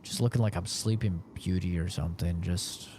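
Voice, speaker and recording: A man's voice: sits low, fairly even intonation, normal speed, dark tone, a little hiss or hum. A man streaming a game, chatting casually in a profane, laid-back, rambling way. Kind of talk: casual chat while gaming.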